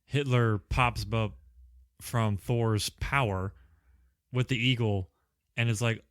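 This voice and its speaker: A man's voice: mid-range voice, steady tone, takes it slowly, fairly bright tone, no room sound, studio quality. A man co-hosting a podcast, walking through a film's plot in casual chat, swearing casually and quoting characters. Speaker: podcast co-host. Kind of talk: casual movie recap chat.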